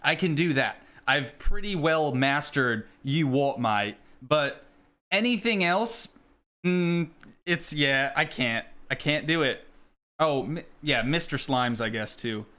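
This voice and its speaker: Man, live streamer, chatty and rambling, bright forceful tone, casual gameplay talk. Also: on the high side, expressive, slow. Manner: chatty, rambling, answers chat questions.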